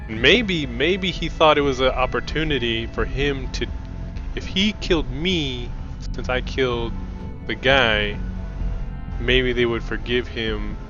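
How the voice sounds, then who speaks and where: A man's voice: on the low side, dull audio. A man streaming a video game, chatting casually and thinking aloud with many restarts. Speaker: gaming streamer. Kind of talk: casual let's-play commentary.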